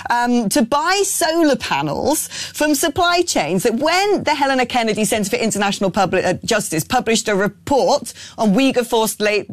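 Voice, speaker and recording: A woman's voice: on the high side, no room sound. A woman presenting a political talk show, asking pointed questions in a sardonic, opinionated way.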